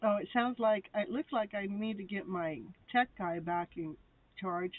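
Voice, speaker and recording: A woman hosts a live tarot stream, chatting to her viewers at an unhurried pace and breaking into laughter often. Her voice comes through thin and tinny, like a phone line. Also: mid-range voice, steady tone, heavy background noise. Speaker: live tarot show host. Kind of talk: casual live-stream chat.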